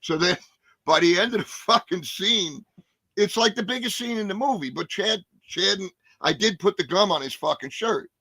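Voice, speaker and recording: A man in his sixties, a guest actor telling animated, profane stories in a casual interview. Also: sits high, moderate pace, vocal fry, dry recording. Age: 60s. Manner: animated, profane, acts out scenes.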